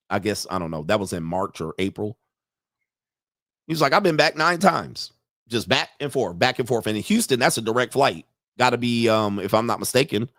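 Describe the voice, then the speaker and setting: Broadcasting a podcast from his computer, a man rambles casually, swears freely and laughs a lot as he gives live-streamed commentary. His voice is fairly low with a fairly bright tone. The studio-quality sound has no echo, captured by a computer mic and webcam.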